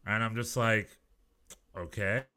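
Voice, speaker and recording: A man's voice: mid-range voice, brisk. A man co-hosting a podcast, chatting casually and telling rambling stories with lots of restarts. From United States. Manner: animated, rambling storyteller with many restarts. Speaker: podcast co-host. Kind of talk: casual chat.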